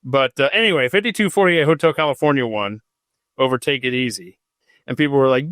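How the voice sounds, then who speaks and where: A man's voice: mid-range voice, animated, quick pace, a bit bright, no echo, studio quality. A man hosting a podcast in an unscripted, casual way, drifting off topic into self-mocking asides while reading out history. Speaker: podcast host.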